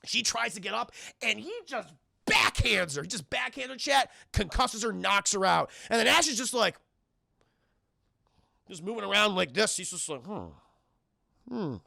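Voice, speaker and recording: A man streaming a film review, retelling scenes in an animated, profane rush and talking to his chat. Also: sits high, normal speed, gravelly. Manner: keeps addressing the chat.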